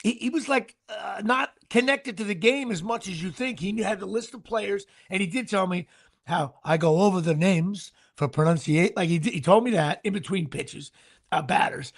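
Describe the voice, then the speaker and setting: A man co-hosting a sports talk show, telling animated stories and doing announcer impressions. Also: high-pitched, moderate pace, gravelly, breathy edge. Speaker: podcast co-host. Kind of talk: casual sports chat.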